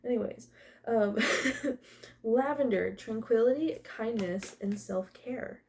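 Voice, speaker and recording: A woman's voice: fairly high pitch, slow, dark tone. A young woman doing a casual tarot and oracle card reading, emotional, laughing often and swearing now and then. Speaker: tarot reader.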